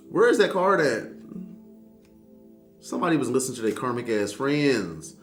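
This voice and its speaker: A man gives a casual tarot reading at an everyday mid-range pitch, talking straight to the viewer. He is sassy and blunt and swears freely. Faint music plays underneath. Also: lively intonation, normal speed, pauses often. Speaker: tarot reader.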